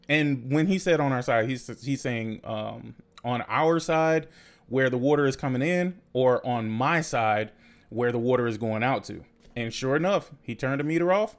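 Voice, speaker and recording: Gravelly, profane young man telling stories. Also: mid-range voice, fairly quick. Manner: profane, animated storytelling with laughs. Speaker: podcast host. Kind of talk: casual chat.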